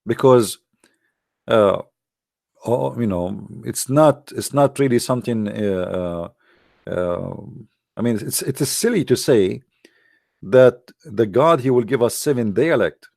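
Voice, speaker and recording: A man's voice: medium pitch, expressive, slow pace, vocal fry, darkish tone, dry recording, clean studio sound. A man hosting a live stream, arguing emphatically and scornfully in non-native English, repeating words for effect. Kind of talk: argumentative commentary to a live chat.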